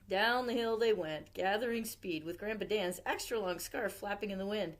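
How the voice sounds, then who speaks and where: A woman, a youth services librarian, reading a picture book aloud at storytime with expressive delivery. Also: medium pitch, moderate pace, few pauses.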